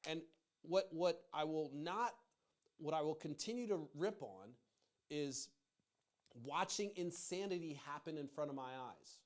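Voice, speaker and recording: A middle-aged man rants about politics, cursing freely and yelling his points. His voice sits fairly high for a man. He rambles, restarts sentences, and stays fired up throughout. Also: animated, measured pace. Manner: fired-up, profane, yelling emphasis. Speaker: political commentary host. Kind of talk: profane political rant.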